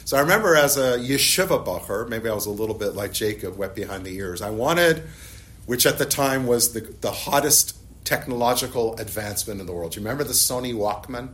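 A man's voice: mid-range voice, brisk. A middle-aged man teaching a Bible class, explaining the text and telling personal stories while asking his listeners questions. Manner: animated, storytelling, asks the class questions.

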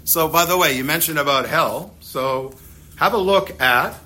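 A man teaching a religious text to a class, lively and animated, acting out little dialogues as he explains. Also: a little high, measured pace. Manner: animated, acts out dialogues with shifting loudness.

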